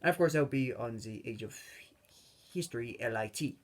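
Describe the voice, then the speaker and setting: A man's voice: medium pitch, brisk, background noise. A young man hosting a gaming video, rambling off on tangents with many fillers. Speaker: gaming channel host. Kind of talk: rambling let's-play commentary.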